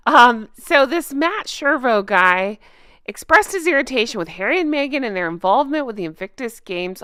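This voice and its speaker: A woman hosting her own commentary channel, ranting in a sarcastic, exasperated, animated way. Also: fairly high pitch, dry recording, studio quality.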